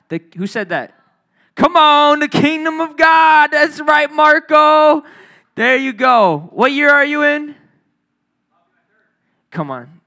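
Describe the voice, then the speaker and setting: High, bright-voiced man preaching playfully. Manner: playful, joking with the audience by name; call-and-response prompts. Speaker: youth pastor. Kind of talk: casual sermon to a youth group. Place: church room.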